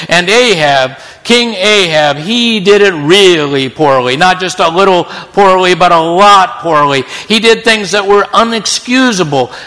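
A man preaching a sermon, telling a story dramatically with sudden hushed drops in his voice. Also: high-pitched. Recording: long reverb in a large hall.

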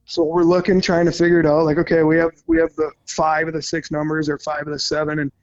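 A man in his thirties from Minnesota, a hunting guide telling stories casually, excitable and profane, laughing mid-story. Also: a little high, fast talker, muffled recording. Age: 30s.

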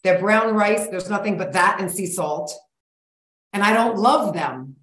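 A woman in her forties, a guest coach speaking in a blunt, energetic, folksy way in a casual interview. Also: mid-range voice, unhurried. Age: 40s. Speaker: guest, sugar-cravings coach. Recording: roomy echo.

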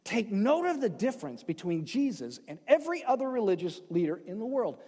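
A man preaching in a church sanctuary with a high-pitched voice, his words trailing into a long hall reverb. He talks conversationally, tossing in asides and jokes, then drops to a hush and slows down for emphasis. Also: big pitch swings, husky. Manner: swings between loud emphasis and hushed, slowed phrases. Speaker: pastor. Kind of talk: sermon.

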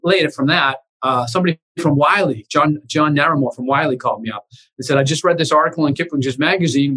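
A man with a Boston accent, a real estate investor being interviewed over a video call, telling lively stories and acting out quoted voices. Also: fairly high pitch, poor audio. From Boston area, USA. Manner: animated anecdotes, acts out quoted voices. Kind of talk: casual interview storytelling.

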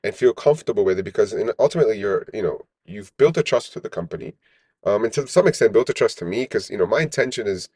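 A man's voice: fairly low pitch, quick pace, slightly rough, dry recording. A middle-aged man, a company founder in an interview, talking animatedly and often tagging his points with "right?". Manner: animated, peppers speech with "right?". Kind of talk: casual interview talk.

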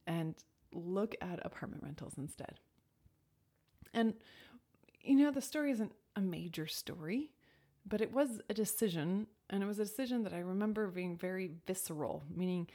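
In an unhurried, fairly low and slightly mellow voice, a woman shares personal advice in a reflective, casual talk about intuition and decisions. She is thoughtful, restarts often, says "like" a lot, and sometimes lowers her voice nearly to a whisper.

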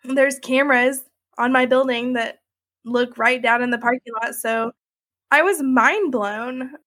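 A woman with a high-pitched, fairly bright voice speaks a little slowly, with no echo. As an interviewee, she tells her own story candidly and conversationally, using lots of fillers like "like" and "you know."

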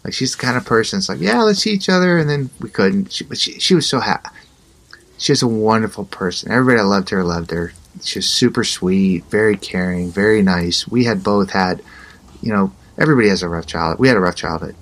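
A man's voice: lowish voice, brisk. A middle-aged man, an interview guest, telling a personal story in a conversational way and acting out the dialogue with animation. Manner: animated, acts out both sides of dialogue.

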